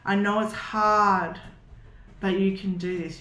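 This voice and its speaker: A woman's voice: medium pitch, fairly even intonation, slow, echoey room, noisy background. A woman reading tarot cards for her viewers in an upbeat, reassuring way, often checking in with "okay?". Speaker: tarot reader.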